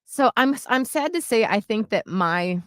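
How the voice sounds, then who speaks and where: Her voice sits fairly high and moves at a normal speed, captured dry with clean studio sound. As a radio co-host in casual conversation, she spins a lively story and performs the quoted lines in character voices.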